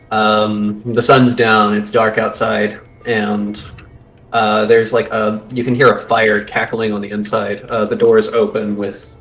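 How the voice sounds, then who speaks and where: A man's voice: on the low side, fairly bright tone, rough recording. A young man narrating a tabletop game as game master, casual and full of fillers.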